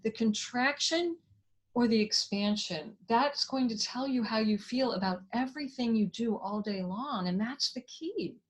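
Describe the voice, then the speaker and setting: A woman's voice: on the high side, a little slow. A woman hosting a live online talk, effusive and enthusiastic, reading viewer comments aloud and thanking her guest. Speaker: host. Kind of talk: live online interview wrap-up.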